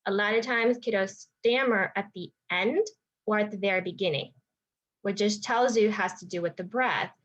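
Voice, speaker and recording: A woman's voice: mid-range voice, normal speed, dull audio. Woman talking through speech therapy tips. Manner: thinking aloud with frequent restarts and fillers. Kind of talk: informal teaching talk to parents.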